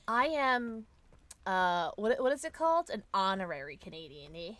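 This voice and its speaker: An excitable woman streams a horror game live, chatting and thanking her viewers as she plays. Her voice leaps around constantly, lively and full of movement. The tone is bright and forward, and she yelps and laughs at the scares. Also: mid-range voice, measured pace, dry recording.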